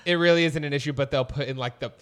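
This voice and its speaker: A man in his twenties chatting loosely on a podcast. He rambles, leans on fillers and swears offhandedly, at a middling pitch. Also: level tone, fast talker. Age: 20s. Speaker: podcast co-host. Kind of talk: casual podcast chat.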